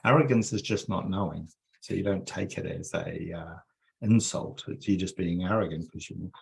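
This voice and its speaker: Energy healer guiding a group meditation; low gravelly male voice, soothing, repetitive coaxing. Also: moderate pace. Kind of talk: guided healing meditation.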